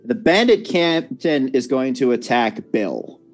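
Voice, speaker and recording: A man's voice: mid-range voice, big pitch swings, unhurried, soft background music. A man running a tabletop game as dungeon master, casual and joking, with lots of fillers. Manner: casual, joking, rules explanations with many fillers. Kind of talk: narrating a tabletop game over voice chat.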